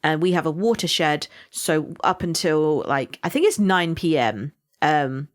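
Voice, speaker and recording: A woman from England with a Somerset accent, co-hosting a podcast in casual chat, animated and laughing often. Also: deep voice, measured pace. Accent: Somerset English. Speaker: podcast co-host.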